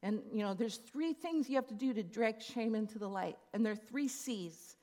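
A woman's voice: on the high side, moderate pace, mellow. A woman in her fifties giving a sermon, telling a personal story in an earnest, confiding way. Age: 50s. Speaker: speaker.

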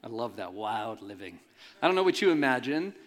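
A man's voice: mid-range voice, fairly quick. A man preaching a sermon to a congregation in a conversational, joking way. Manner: animated, conversational, jokes with the congregation. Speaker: pastor. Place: church in front of a congregation.

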